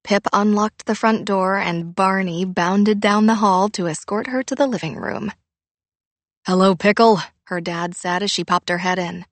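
A woman reading a novel aloud as an audiobook narrator, in a measured, steady storytelling manner. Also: mid-range voice, no echo. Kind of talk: scripted narration.

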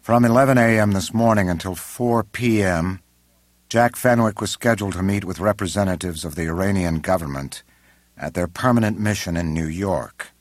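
A man's voice: low-pitched, dry recording, natural voice. A man doing a cautious intelligence chief. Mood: measured. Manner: measured, respectful, earnest. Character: composed middle-aged male intelligence chief, cautious.

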